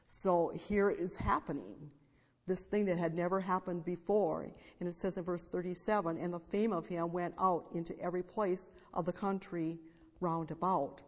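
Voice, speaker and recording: A woman's voice: fairly low pitch, fairly even intonation, normal speed. A woman preaching a sermon, reading scripture aloud and explaining it plainly with small restarts. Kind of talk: sermon Bible teaching. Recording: long hall reverb.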